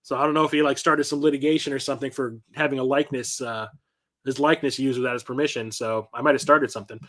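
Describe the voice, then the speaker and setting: A man's voice: mid-range voice, fairly even intonation, quick pace, a bit bright. A middle-aged man hosting a casual show-and-tell vlog about his collection, telling rambling anecdotes full of fillers and self-corrections. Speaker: collector and channel host.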